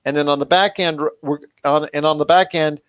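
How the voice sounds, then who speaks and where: A man's voice: on the high side, steady tone, fairly quick, a bit bright, clean tone, no echo. Enthusiastic man hosting a podcast. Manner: enthusiastic, rambling with restarts. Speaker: podcast host. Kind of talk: casual podcast chat.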